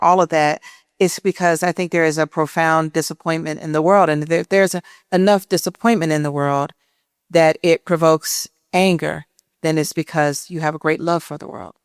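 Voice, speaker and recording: A woman's voice: low voice, clean tone, no echo, clean studio sound. A woman writing professor in an onstage conversation, talking thoughtfully and searching for the right words. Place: indoor event stage.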